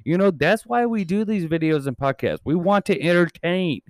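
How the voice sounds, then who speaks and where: A man in his thirties rambles through a casual podcast chat, cursing freely as he goes. His voice is smooth and resonant, recorded close and dry with no room sound. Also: sits high, lively intonation, moderate pace, dry recording. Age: 30s. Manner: rambling and heavily profane. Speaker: podcast and channel host.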